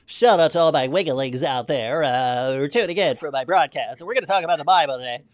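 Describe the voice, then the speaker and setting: A man doing a mocking impression of a slow-talking, nerdy man who halts on "uh". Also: on the high side, no room sound, lightly acted. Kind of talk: mocking impression on a live stream.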